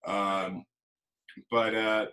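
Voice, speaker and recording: Bright-voiced man telling stories casually. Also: on the low side, extremely slow. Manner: animated storyteller, acts out quotes. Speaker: podcast host. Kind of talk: casual livestream chat.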